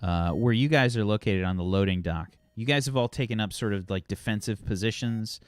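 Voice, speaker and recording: A man's voice: lowish voice, fairly quick, no room sound, faint music behind. A man narrating a tabletop game as game master in a casual, rambling way.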